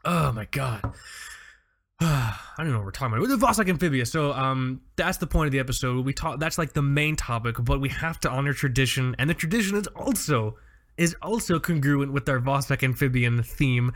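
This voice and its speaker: A man co-hosts a casual podcast, wired from drinking coffee late in the day. He tells animated stories and swears freely as he goes. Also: mid-range voice, moderate pace. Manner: animated, profane storytelling. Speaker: podcast co-host. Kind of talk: casual chat.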